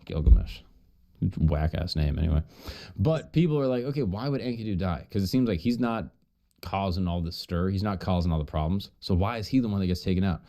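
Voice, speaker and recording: A man's voice: sits low, lively intonation, fast, dark tone. A man streaming while he retells an old myth in a casual, profane, joking way, full of asides.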